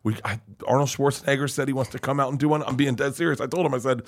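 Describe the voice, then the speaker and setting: Loud, fast-talking male comedian guest, mid-range voice, swears freely. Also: medium pitch. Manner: excitable, swearing, rushed. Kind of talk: casual chat.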